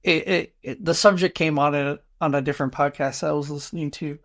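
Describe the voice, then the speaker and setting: A man's voice: on the high side, steady tone, brisk, fairly bright tone. Musing man, podcast co-host. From United States. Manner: musing, rhetorical "right?" tags. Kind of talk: casual discussion.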